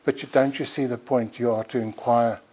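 A man's voice: mid-range voice, steady tone, fairly quick, dark tone, highs cut off. A man preaching a sermon, earnestly urging his listeners and pleading with rising emphasis.

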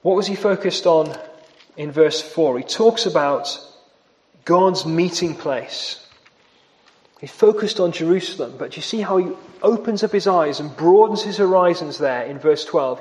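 Male preacher, high-pitched, emphatic sermon delivery, long church reverb. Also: normal speed, darkish tone. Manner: earnest, emphatic, repeats key phrases.

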